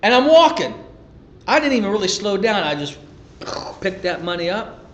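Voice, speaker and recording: A middle-aged man preaching a sermon, telling a personal story in an animated way that often repeats and restarts phrases. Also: high voice, normal speed, roomy sound.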